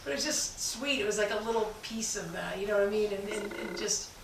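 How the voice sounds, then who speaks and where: A woman's voice: mid-range voice, a little fast, gravelly, a little hiss or hum. A woman at a memorial service, chatting and laughing about shared memories. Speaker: family member at a memorial service. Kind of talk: casual chat. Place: congregation hall. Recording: echoey hall from far off, with a crowd.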